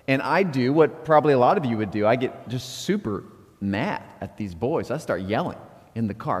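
A middle-aged pastor preaches from the pulpit in a candid, self-deprecating way, laughing at himself as he tells stories. His voice sits at an ordinary pitch for a man, and it carries a long reverb from the church sanctuary. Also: expressive, moderate pace. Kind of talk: sermon.

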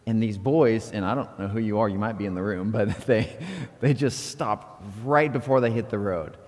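A man's voice: lowish voice, darkish tone. Middle-aged oklahoma pastor, candid and self-deprecating, chuckles through his stories, voice rings out in a big church hall. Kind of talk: sermon. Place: church sanctuary. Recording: long reverb of a church hall.

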